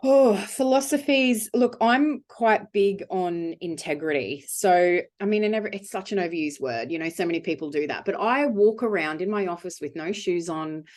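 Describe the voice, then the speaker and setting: Woman, low voice, business owner guest, blunt and upbeat. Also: expressive, normal speed, few pauses. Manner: frank, emphatic and upbeat. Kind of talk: candid interview answers.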